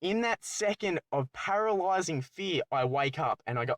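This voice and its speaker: A young man, telling a personal story as a channel host in a rambling, excitable way, correcting himself often. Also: fairly high pitch, fairly quick, hardly any pauses, no echo. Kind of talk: storytime commentary.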